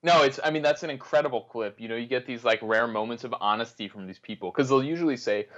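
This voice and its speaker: Halting man on a dull lo-fi line. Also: medium pitch, fairly bright tone. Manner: halting, many fillers and restarts. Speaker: guest journalist. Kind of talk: casual political interview.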